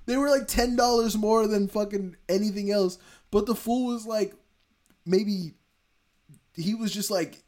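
A man's voice: sits high, fairly even intonation, a little slow, pauses often, darkish tone. A young man co-hosting a casual chat, rambling through a story with frequent swearing and laughter. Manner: rambling, profane, laughs often.

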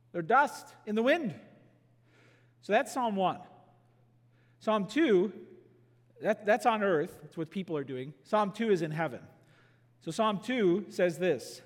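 A pastor delivering a sermon, teaching through a passage with emphatic bursts and slowed, stressed phrases. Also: male voice, on the high side, expressive. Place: church sanctuary. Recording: long reverb of a church hall.

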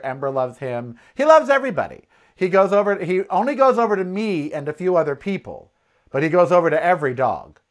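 A gay man hosts his own talk show, telling stories and ranting in an animated, high-pitched voice. His pitch swoops all over as he acts out quoted exchanges and vents his indignation. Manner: indignant, ranting about politics. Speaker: podcast host. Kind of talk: casual opinion monologue.

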